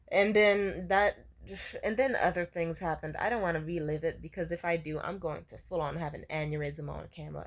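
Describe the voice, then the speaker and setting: A woman's voice: mid-range voice, brisk. A young woman in her twenties talking straight to camera in a loose, rambling storytime vlog. She swears freely and sounds exasperated as she tells the story. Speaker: vlogger.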